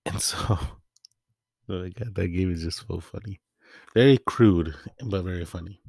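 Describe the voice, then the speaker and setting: A man with a very low voice chats casually as a podcast host, rambling through a story with plenty of fillers. The sound is dry and close, with no room echo. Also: normal speed, gravelly, a little mellow, breathy edge. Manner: rambling, laid-back storytelling with many fillers. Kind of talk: casual chat.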